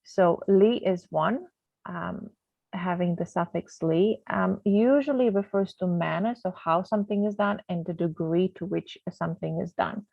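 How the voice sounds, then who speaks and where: Her voice is lowish and unhurried, with vocal fry, as she chats her way through a grammar lesson on slides, saying um a lot and sometimes drifting off track. The sound is tinny and phone-like, dry and echo-free.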